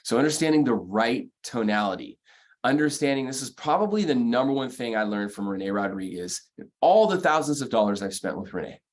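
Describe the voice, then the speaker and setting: A man's voice: medium pitch, sing-song, brisk. A man coaching mortgage professionals in a motivational sales training talk, speaking emphatically, repeating key phrases and counting off numbered points.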